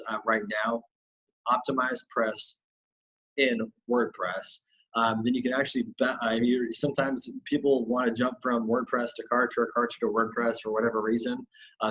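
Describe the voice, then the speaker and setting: A man giving a chatty, loose screen-share software tutorial as an online business coach, with lots of fillers and restarts. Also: mid-range voice, slightly rough, highs cut off.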